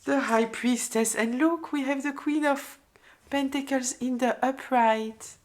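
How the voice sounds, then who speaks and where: A woman giving a collective tarot reading, speaking haltingly with many fillers and repeated words, openly emotional. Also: high voice. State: moved, emotional. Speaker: tarot reader.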